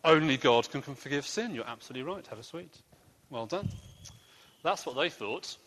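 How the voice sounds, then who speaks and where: A man leading a playful quiz for children during a church service, joking gently as he asks questions. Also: mid-range voice, moderate pace, in a large hall. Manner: lively, playful quizmaster with gentle jokes. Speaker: children's talk leader at church.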